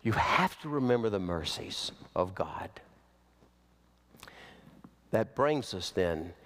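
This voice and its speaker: A man preaching a sermon as pastor, slow and emphatic, with big swings in pitch. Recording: long hall reverb.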